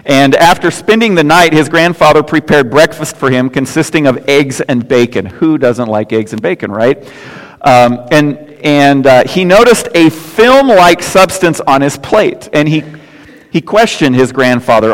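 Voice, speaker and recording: An older man preaching to his congregation, spinning homespun jokes and stories between scripture points. His voice sits a bit high for a man. The sound rings with the long reverb of a church sanctuary. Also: expressive, normal speed. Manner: folksy storytelling with jokes and asides. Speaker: pastor. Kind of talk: sermon.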